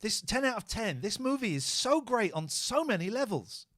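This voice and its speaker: A man's voice: sits high, sing-song, moderate pace, fairly bright tone, no echo, clean studio sound. A man hosting a casual podcast, chatting loosely and swearing freely while fussing over audio levels. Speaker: podcast host. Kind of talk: casual chat. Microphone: close studio mic.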